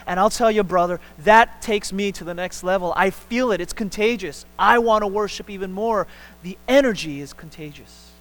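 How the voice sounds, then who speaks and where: A man preaching a sermon as a pastor in a church, talking in an animated way with many repeated words and restarts, climbing up for his emphatic points. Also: high voice, moderate pace, low-quality recording. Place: church sanctuary.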